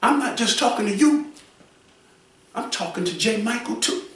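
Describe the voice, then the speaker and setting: A man giving preachy advice to other people, repeating his points and often raising his voice to a shout. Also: high voice, animated, moderate pace, very echoey, far from the mic. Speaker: commentator.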